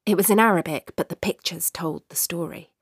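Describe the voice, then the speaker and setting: A woman narrating a short story in a measured, expressive way. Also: fairly low pitch, husky, dry recording, clean studio sound.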